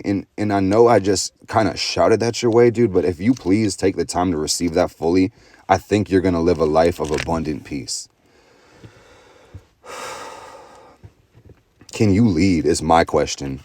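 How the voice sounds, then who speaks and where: Deep low voice, dry close sound, young man, swears nonstop, slangy and intense. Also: darkish tone, no room sound. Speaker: astrology vlogger. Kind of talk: profane motivational monologue.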